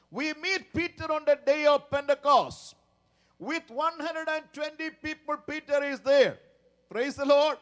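A man preaching a sermon in a slow, dramatic way, often repeating a stock praise phrase. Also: very high voice.

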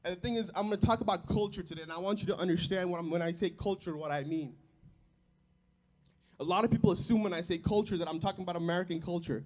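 A man in his twenties preaching a sermon, telling his own testimony in an earnest, emotional way that swells loud and drops soft. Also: high voice, rapid-fire, few pauses. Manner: earnest and emotional, loudness rising and falling.

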